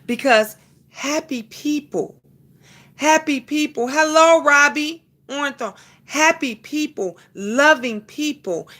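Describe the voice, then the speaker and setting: High bright-voiced woman preaching on live stream. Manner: preachy, addresses viewers and chat by name; emphatic repetitions, calls listeners honey. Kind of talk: casual live-stream talk.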